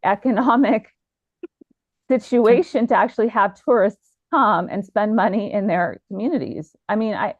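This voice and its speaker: A woman's voice: medium pitch, a little slow, no room sound. Woman guest, indignant, asks rhetorical questions; narrow phone-line sound. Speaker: podcast guest. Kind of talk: casual discussion.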